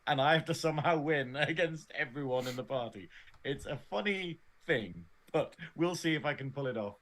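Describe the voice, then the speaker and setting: A man's voice: a little high, lively intonation, normal speed, a bit bright. A man with an English accent co-hosting a casual review chat, rambling and laughing often. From Northern England. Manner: giggly, rambling chatter. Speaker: podcast co-host.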